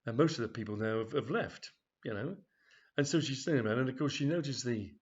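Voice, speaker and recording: Speaking fast in a husky, expressive, mid-range voice, a man reads out a comedy story he wrote, rambling along with asides, fillers, and plenty of "of course." The recording is dull and lo-fi.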